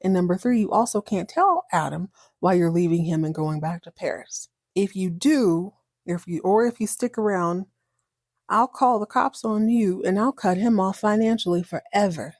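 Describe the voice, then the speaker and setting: A woman's voice: medium pitch, moderate pace, darkish tone, no echo, studio quality, natural voice. A woman voicing an icy, unflappable wealthy soap matriarch who talks in a cool, taunting way. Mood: stern.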